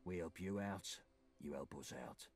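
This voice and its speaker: An actor playing a gruff, streetwise male wasteland survivor in a video game. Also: low voice, moderate pace, darkish tone, soft background music. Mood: wry.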